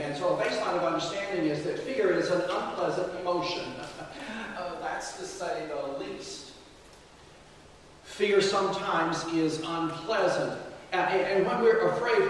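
A male pastor with a slightly raised voice delivers an earnest sermon, pausing often with fillers. His voice rings out through a large, echoey hall, picked up from some distance, with faint room ambience behind him. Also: high voice, fairly bright tone, a little hiss or hum. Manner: earnest, prayerful, halting with fillers. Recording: echoey hall, mic from far off.

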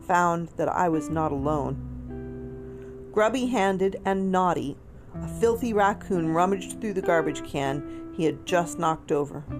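A woman reading a children's story aloud in an expressive read-aloud manner. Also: fairly low pitch. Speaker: storybook reader. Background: soft guitar music.

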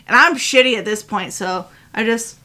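A woman co-hosting a casual podcast, telling a story in an animated way and swearing freely. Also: a little high, moderate pace. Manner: animated, swears freely, loud when retelling. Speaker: podcast co-host.

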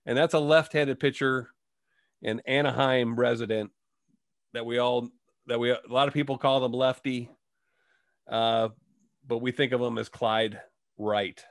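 A man's voice: mid-range voice, fairly even intonation, measured pace, long pauses, dry recording. Guy hosting a baseball talk show, dead dry close mic, reels off stats. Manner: reads stats, asks questions. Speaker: host. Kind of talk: casual sports talk.

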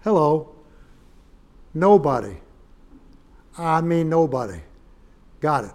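A man preaching a fiery sermon in a church, folksy and swelling into loud emphatic bursts. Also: on the high side, big pitch swings, slow pace. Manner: folksy, rising to shouted emphasis.

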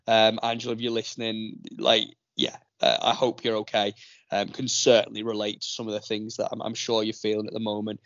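A man's voice: fairly low pitch, fairly even intonation, a little fast, fairly bright tone, no echo. A man hosting a podcast, chatting casually and rambling through plenty of fillers. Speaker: podcast host. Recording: dull, dry lo-fi recording.

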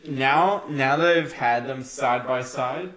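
A man's voice: mid-range voice, slow pace, a bit bright, echoey room. A man co-hosting a casual beer-tasting chat, laid-back and agreeable, talking in easy slang. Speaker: co-host.

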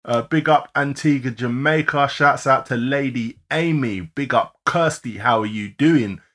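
A man co-hosting a live-streamed podcast, rattling off listener shout-outs and laughing often. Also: mid-range voice, a little slow. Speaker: podcast co-host.

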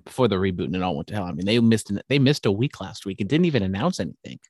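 A young man co-hosting a podcast, talking in quick, teasing casual banter. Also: on the low side, expressive, darkish tone, breathy edge, no echo, clean studio sound. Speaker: podcast co-host. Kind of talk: casual chat.

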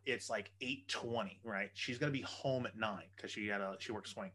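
A man spinning a story on a podcast, animated and quick to swear. His voice is bright and forceful, and it carries the tale in a casual way. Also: lowish voice.

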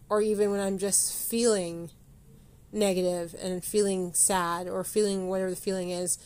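A woman's voice: medium pitch, flat delivery, normal speed, a little mellow. A woman hosting a motivational solo podcast. She rambles, corrects herself mid-sentence and speaks straight to the listener. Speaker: podcast host.

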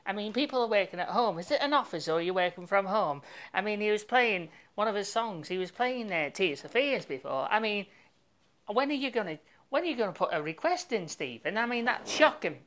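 A woman presents a homespun radio show in a loose, chatty way, drifting from one link to the next. Her voice sits in an ordinary middle range, neither high nor low. She fills the gaps with plenty of "uh"s and little jokes. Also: expressive, fairly quick, fairly bright tone. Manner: rambling and jokey, with many fillers. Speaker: radio host.

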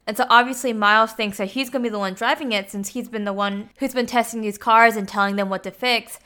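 A woman's voice: a little high, fairly even intonation, fast, bright, forceful tone, smooth. A woman casually retelling a film plot, chatty and peppered with 'like' and 'you know'.

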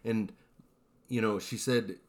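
A man co-hosting a podcast, telling eerie stories in a relaxed, rambling way with lots of fillers. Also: fairly low pitch, slow pace. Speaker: podcast co-host. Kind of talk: casual storytelling chat.

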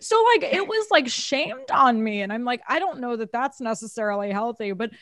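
A woman with a fairly high voice chats casually in a group, animated and quick to laugh. She acts out quotes as she talks. The sound is dry and close. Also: no echo.

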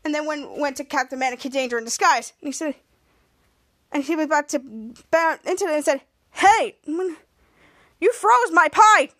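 A woman's voice: high voice, fairly even intonation, fast talker. A woman on a podcast retelling a TV episode scene by scene, rambling and restarting often. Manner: rambling, repeats words and restarts.

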